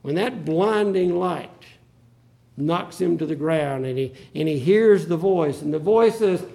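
A man's voice: a little high, measured pace, gravelly, mellow. A male pastor preaching a sermon, acting out the Bible quotes with drama.

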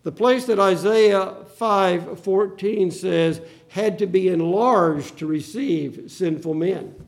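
Male preacher, raised pitch, gravelly edge, dramatic quoting. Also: takes it slowly. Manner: dramatic, acts out the Bible quotes. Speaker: pastor. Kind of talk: sermon.

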